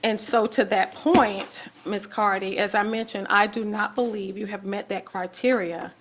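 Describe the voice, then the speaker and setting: A woman city commissioner speaking deliberately at a public meeting, reading out items and making a formal motion. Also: medium pitch, fairly even intonation. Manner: measured, deliberate, reads out items.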